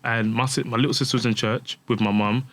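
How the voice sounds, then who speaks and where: A footballer appearing as a podcast guest candidly tells a personal story, acting out the voices of the people in it and restarting often. He talks fast with a mid-range, steady, fairly bright voice over slight background noise.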